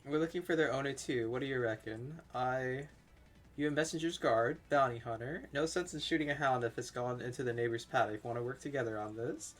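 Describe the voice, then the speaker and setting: Man doing a loud slangy bush hunter, put-on Australian accent, game dialogue read aloud. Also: mid-range voice, a little fast, lightly acted. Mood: brash.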